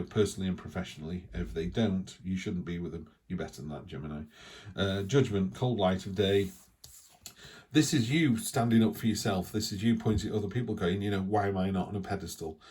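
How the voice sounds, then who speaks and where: A man's voice: deep voice, fairly quick, a little mellow, husky. A man giving a casual, rambling tarot reading, with frequent restarts and asides. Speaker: tarot reader.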